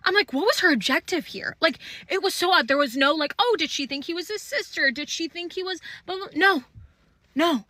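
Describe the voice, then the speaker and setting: A young woman telling a casual storytime into her phone, animated and laughing, swearing freely. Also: high-pitched, brisk, no room sound.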